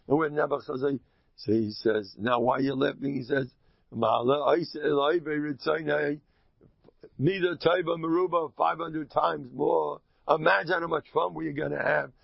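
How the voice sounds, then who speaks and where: A man with a gravelly, husky voice gives an animated Torah talk. He mixes Yiddish and Hebrew words into his speech and climbs to loud, excited peaks. The recording is close, dry and a bit dull. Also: mid-range voice, dry recording. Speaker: Torah teacher. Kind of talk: lively Torah talk with storytelling.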